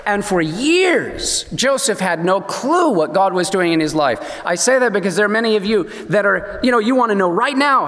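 A man preaching a sermon, telling a story with animated delivery and briefly acting out the voices of the people in it. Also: high voice, moderate pace, few pauses. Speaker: pastor. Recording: long hall reverb.

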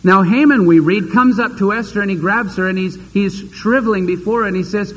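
A man's voice: sits high, fairly quick, few pauses, breathy edge, big-room sound, rough recording. A man preaching a sermon, retelling a scripture story dramatically and acting out the characters' voices.

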